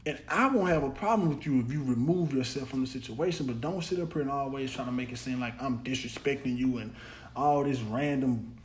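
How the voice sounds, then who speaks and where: A man's voice: medium pitch, brisk, a little hiss or hum. A man hosting a podcast, talking in a blunt, rambling casual monologue full of slang and repeated words. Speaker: podcast host.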